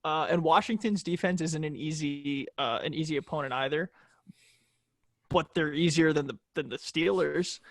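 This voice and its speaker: A fairly high-voiced man talks through his betting pick in a loose, rambling way. He keeps stopping to say um and restart his sentences. The mic sounds dry and close, with no room around him. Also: normal speed, no room sound. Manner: rambling, lots of ums and restarts. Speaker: podcast co-host. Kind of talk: casual sports betting chat.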